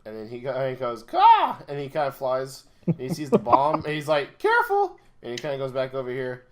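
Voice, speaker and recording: A man's voice: mid-range voice, fairly even intonation, fast talker, over a noisy crowd. A man playing a tabletop game, casual and a bit hesitant as he decides his move. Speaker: player.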